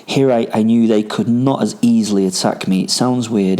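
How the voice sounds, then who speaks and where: Rambling Northern English man, low voice. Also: moderate pace, warm tone. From Rochdale, England. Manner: rambling, sweary, full of ums and asides. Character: self-styled werewolf, boastful ex-soldier on the run, male adult. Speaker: podcast host. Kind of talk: in-character first-person storytelling.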